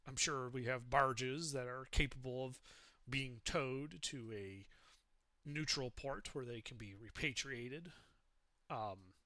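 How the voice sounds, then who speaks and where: A man's voice: mid-range voice, sharp tone, dry recording. A man playing a tabletop game in character, speaking in a formal, courtly negotiating manner. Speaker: player.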